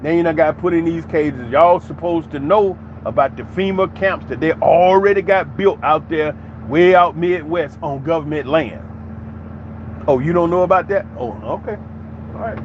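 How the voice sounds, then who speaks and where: A man's voice: on the high side, moderate pace, dull audio, a little hiss or hum. A man giving an opinionated commentary monologue in an emphatic, preachy way, with many rhetorical questions. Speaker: commentary channel host.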